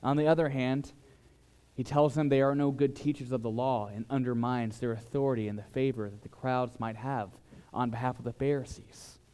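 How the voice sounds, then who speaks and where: A man preaching a sermon, who swings between loud, emphatic lines and quiet, dropped asides. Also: clear, resonant tone. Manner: dramatic shifts in loudness, mimics flatterers in higher voice. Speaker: pastor.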